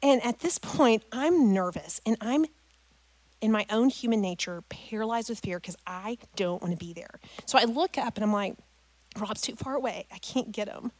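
At a moderate pace and with a fairly high pitch, this middle-aged woman speaks to a parents' group, recorded with no room sound. She relates an emotional story from her own life in an animated way, connects it to scripture, and refers to everyone as "guys."

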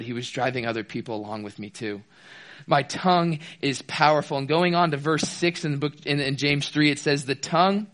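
A young man delivering a sermon in a conversational, storytelling way. He acts out the quoted lines of the people in his stories. His voice sits at an ordinary middle pitch. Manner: storytelling with animated quoted dialogue. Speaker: preacher.

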